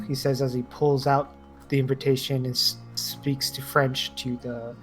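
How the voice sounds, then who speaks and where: A man's voice: mid-range voice, flat delivery, moderate pace, soft background music. Man, tabletop game player, casual, rambling, mid voice. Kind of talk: describing his character in a tabletop game.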